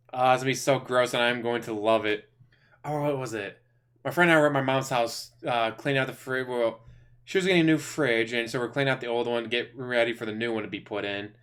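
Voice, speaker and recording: A man streaming casual reaction commentary, mocking and laughing as he tells stories and swears freely. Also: medium pitch.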